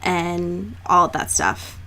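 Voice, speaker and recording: A woman co-hosting a podcast, recapping a book in casual chat, animated and sarcastic, with frequent swearing and laughter. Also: on the low side, extremely slow. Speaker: podcast co-host.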